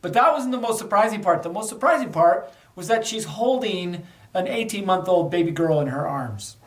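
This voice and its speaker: A middle-aged podcast host, a former undercover officer, speaks in a high, animated voice at normal speed. Casually and candidly, he tells a personal story with a lesson, recorded in an echoey room a bit away from the mic.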